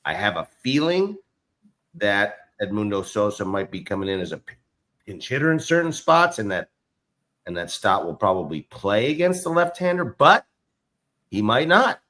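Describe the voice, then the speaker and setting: A man's voice: fairly low pitch, big pitch swings, normal speed, pushed and bright. A man co-hosting a casual sports podcast, talking enthusiastically with frequent restarts. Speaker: co-host.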